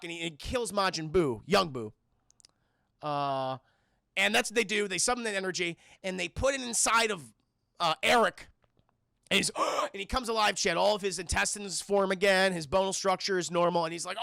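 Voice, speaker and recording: A man casually retelling a film plot to his stream chat, profane and animated, acting out characters in squeaky voices. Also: a little fast, creaky, dry recording, studio quality.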